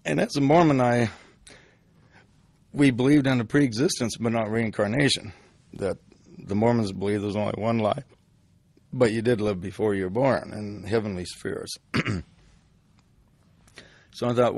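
A man's voice: fairly low pitch, unhurried, vocal fry, long pauses, a little mellow, no echo. An older man telling a personal story in a casual, rambling way, full of restarts.

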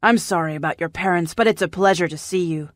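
A woman's voice: on the low side, fast talker, no room sound, clean studio sound, natural voice. A woman doing a curt, domineering uncle. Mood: stern. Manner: curt, commanding. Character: stern middle-aged man, domineering uncle.

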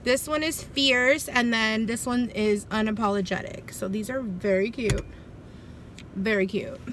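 Young chicana girl doing a haul vlog, cusses nonstop, kinda high voice. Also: a little slow, a bit bright. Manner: profane, blunt and loose. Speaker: vlogger. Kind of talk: casual haul chat. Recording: faint background noise.

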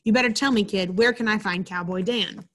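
A woman voicing a mean, gruff male outlaw cowboy while reading a picture book aloud, with a slow drawl. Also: mid-range voice, a bit bright, close to an everyday voice.

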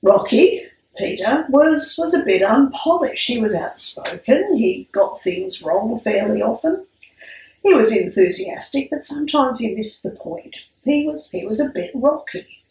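A woman priest giving a sermon with a measured, storytelling delivery. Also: a little high, expressive, darkish tone. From Australia. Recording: echoey room, mic at a distance.

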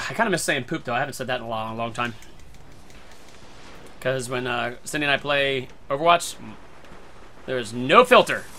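A man giving excitable gameplay commentary who swears a lot and breaks into sudden shouts. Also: medium pitch, normal speed, long pauses, slight background noise. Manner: talks to himself and his teammates. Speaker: gaming video creator.

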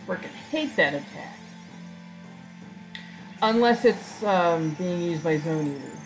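A woman's voice: on the low side, expressive, slow pace, soft background music, rough recording. A woman chatting casually and making joking asides while she plays a video game. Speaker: let's-play gamer. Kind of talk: casual gameplay commentary.

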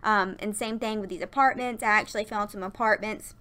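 Tired young woman rambling over a game build, crisp bright voice, keeps laughing. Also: mid-range voice, steady tone, fairly quick. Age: 20s. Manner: chatty and rambling, laughs often. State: tired and out of breath. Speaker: YouTuber narrating a Sims build. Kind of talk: casual voiceover chat. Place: workplace. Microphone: desktop USB mic.

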